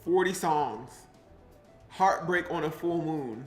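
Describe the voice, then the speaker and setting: A man from Pleasantville, New Jersey, a vlogger, is baking at home and chatting casually on a live stream, rambling and now and then breaking into bits of song. His voice is fairly high and animated, and he takes his time. Faint music plays behind him, and the room has a roomy echo.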